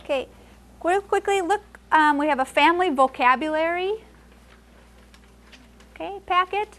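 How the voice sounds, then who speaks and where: A woman teaching conversational Spanish to adults, switching between English and Spanish and repeating phrases slowly for the learners. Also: extremely high pitch, a bit bright. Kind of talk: classroom language lesson.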